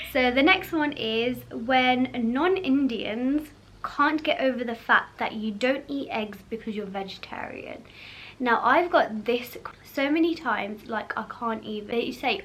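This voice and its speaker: A young woman chatting casually to camera as a vlog host, full of fillers and quick laughs. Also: fairly high pitch, fairly bright tone.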